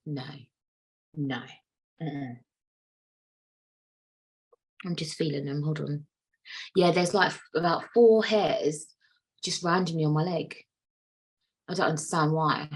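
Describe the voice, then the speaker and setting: A woman's voice: sits low, normal speed, long pauses, breathy edge, low-quality recording. A woman in her late twenties hosting a solo podcast, chatting candidly and rambling, swearing freely. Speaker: podcast host. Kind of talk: casual solo podcast chat.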